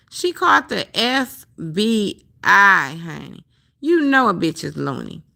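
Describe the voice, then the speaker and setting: A woman with a lowish, vocal-fried voice and a sharp tone hosts a livestream. She delivers a blunt, profane, heated rant, circling back to repeat her points in casual ranting commentary.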